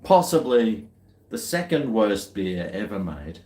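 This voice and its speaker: A man's voice: on the low side, very animated, slow pace, warm tone. A man chatting casually to camera in a rambling, laid-back way with chuckling asides. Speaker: vlogger. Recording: echoey room.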